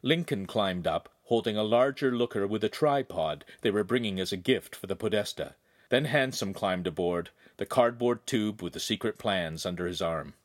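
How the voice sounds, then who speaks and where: Expressive male audiobook narrator. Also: on the low side, normal speed, dry recording, clean studio sound. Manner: expressive storytelling. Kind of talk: scripted narration.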